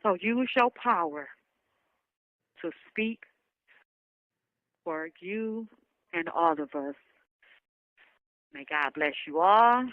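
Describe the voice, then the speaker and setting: A woman speaks in an impassioned, rallying way, her voice close to tears as she repeats her calls to stand together. She takes her time, slow and deliberate. The recording is dry and dull, like a lo-fi phone capture. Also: medium pitch, animated, no echo. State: emotional, near tears. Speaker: survivor giving a testimonial. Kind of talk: emotional spoken message.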